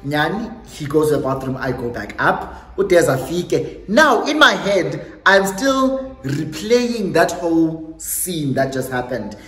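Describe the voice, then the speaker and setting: A young South African woman telling a storytime on her vlog in a lively way, slipping Xhosa phrases into her English. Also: sits low, takes it slowly, hardly any pauses. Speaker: YouTuber. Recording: echoey room with faint music.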